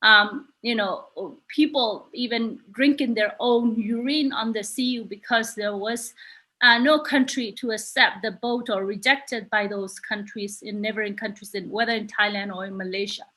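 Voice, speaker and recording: A woman human rights activist from Myanmar, giving an earnest personal testimony over a video call, halting with many restarts. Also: on the high side, fairly even intonation, bright, forceful tone. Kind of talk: personal testimony in a virtual summit.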